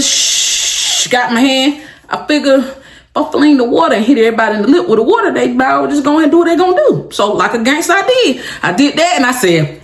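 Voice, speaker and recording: Telling a dramatic tale from school on her casual vlog, this young woman is lively and laughs a lot as she retells it. She has a high voice, and the recording sounds roomy.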